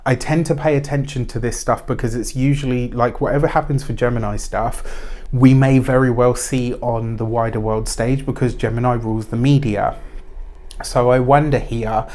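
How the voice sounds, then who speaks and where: A man's voice: mid-range voice, darkish tone. A man giving a weekly tarot reading in a chatty, rambling way, with spiritual phrasing and frequent fillers. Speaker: tarot reader.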